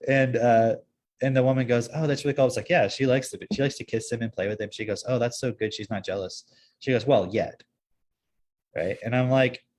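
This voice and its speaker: Husky man chatting on a podcast. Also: medium pitch. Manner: rambling, many fillers and restarts. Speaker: podcast host. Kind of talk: casual conversational chat.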